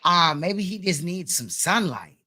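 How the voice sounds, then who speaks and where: A woman's voice: on the low side, expressive, unhurried, bright, forceful tone. A woman streamer reacting to a clip with blunt, mocking, profane commentary.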